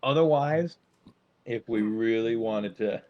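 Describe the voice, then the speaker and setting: A young man co-hosting a casual podcast, telling stories in an animated, playful way and slipping into silly voices. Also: lowish voice, takes it slowly, dull audio. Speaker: podcast co-host. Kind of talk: casual chat.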